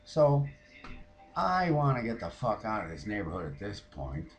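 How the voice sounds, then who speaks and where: A man's voice: on the low side, wildly swooping pitch, moderate pace, soft background music. A man playing a foul-mouthed, fed-up woman who rants about her neighbors in a comic monologue. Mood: exasperated. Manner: profane, ranting, mimics others.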